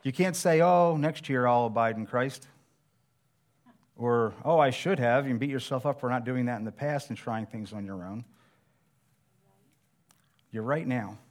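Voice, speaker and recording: Man preaching a story-driven sermon. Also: medium pitch. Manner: conversational, self-deprecating storyteller.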